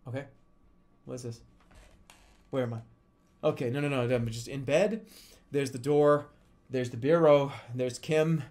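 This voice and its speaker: A young adult man, a streamer, telling a story in casual, profane speech with frequent laughter. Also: mid-range voice.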